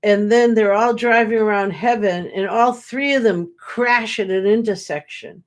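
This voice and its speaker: Tired, slow-talking psychic woman. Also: medium pitch. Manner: rambling, relays spirit messages and jokes, laughs easily. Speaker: psychic medium hosting a livestream. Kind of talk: casual livestream chat. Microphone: webcam or computer mic.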